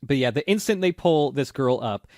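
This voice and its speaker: A man co-hosting a casual podcast, retelling scenes quickly and laughing often. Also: mid-range voice, expressive, a little mellow, no echo, clean studio sound. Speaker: podcast co-host. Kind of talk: casual recap chat.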